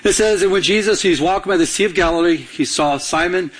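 A man's voice: high-pitched, fairly quick, a bit bright, rough recording. A man preaching a sermon as pastor, urging the congregation on, repeating words for emphasis and asking them to finish his lines. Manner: urgent preaching with call-and-response questions to the congregation.

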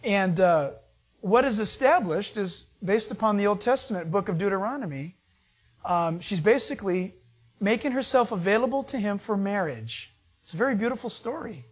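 A man preaching a sermon, retelling the story in a casual, conversational way and acting out the people's lines. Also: sits high. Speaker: pastor.

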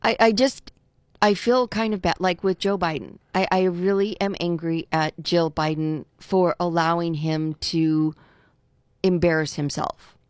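A woman's voice: lowish voice, fairly even intonation, a little slow, no room sound, clean studio sound. Exasperated opinionated woman radio co-host. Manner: opinionated, exasperated, repeats herself. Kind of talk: casual talk radio chat.

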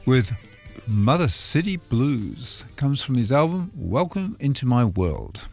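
A man's voice: medium pitch, sing-song, slow pace, vocal fry, faint music behind. A man hosting a community radio show, jokey and laid-back in his banter. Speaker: radio host. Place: radio studio.

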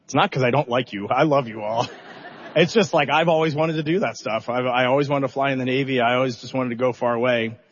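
During a public interview, a fast-talking middle-aged spacecraft commander with a medium-pitched voice tells animated, self-deprecating stories. He acts out his own reactions and now and then holds back tears, and the recording sounds muffled.

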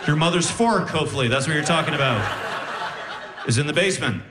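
A man performing a stand-up comedy routine, telling a story with animated delivery and acted-out voices. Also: on the high side, fast talker. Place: comedy stage with live audience. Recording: echoey live venue.

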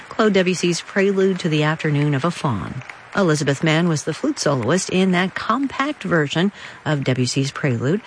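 Woman radio host, lively storytelling voice. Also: on the low side, a little hiss or hum. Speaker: radio classical music host. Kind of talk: scripted radio narration. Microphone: studio microphone.

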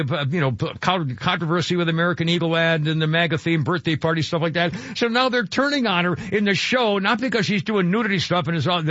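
Halting older man on talk radio. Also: high voice, a bit bright, no room sound. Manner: rambling, halting, many restarts and fillers. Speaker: radio talk show host. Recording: dry, slightly dull radio studio sound.

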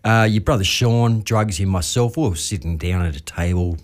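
Australian male podcast host, low voice, relaxed storyteller. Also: normal speed. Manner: laid-back yarn-spinning, chuckles through stories. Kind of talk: casual storytelling chat.

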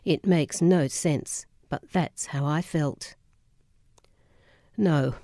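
A woman narrating a memoir audiobook in a measured, solemn way. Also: sits low, fairly even intonation, mellow, no room sound, clean studio sound.

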